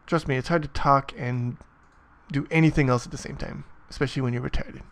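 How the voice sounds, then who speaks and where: A man's voice: mid-range voice, steady tone, a little fast, vocal fry, fairly bright tone. A man narrating a casual coding tutorial as he types, muttering, swearing often and mocking himself. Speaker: programming tutor.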